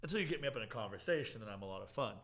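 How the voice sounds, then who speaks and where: Here a young man hosts a casual podcast, his medium-pitched voice racing along. An animated storyteller, he acts out what people said and breaks into laughter often.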